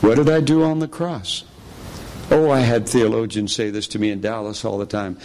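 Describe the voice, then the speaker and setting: A middle-aged man preaching a sermon, telling a personal story with animated delivery and acting out the people he quotes. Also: fairly low pitch, normal speed, a little hiss or hum.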